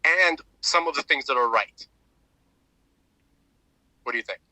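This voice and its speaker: Man, podcast co-host, casual chat, rambling, lots of restarts, very bright voice, dry close sound. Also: medium pitch, measured pace, no echo, rough recording. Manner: rambling, animated retelling with many restarts and fillers.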